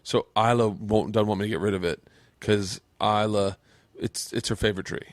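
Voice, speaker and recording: A man's voice: fairly low pitch, moderate pace, dry recording. A man from Florida hosting a podcast, telling stories in casual chat and acting out voices with plenty of cursing. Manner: animated storyteller who acts out quotes with cursing. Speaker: podcast host.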